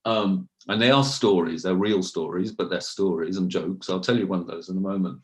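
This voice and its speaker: A man's voice: low-pitched, steady tone, a little fast. A man, a university researcher, speaking as a podcast guest and telling stories with many asides and restarts. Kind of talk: casual interview, storytelling.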